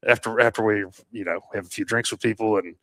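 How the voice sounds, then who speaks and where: A man's voice: lowish voice, fairly even intonation, fast talker, a bit bright, no room sound. A man telling stories in a casual podcast chat, rambling with fillers and restarts and swearing casually. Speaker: podcast co-host and landscaping business owner.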